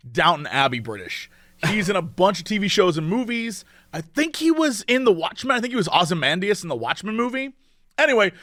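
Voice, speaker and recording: High-voiced excitable man podcasting. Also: no echo, clean studio sound. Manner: excitable, rambling, with frequent fillers. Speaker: podcast co-host. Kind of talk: casual chat.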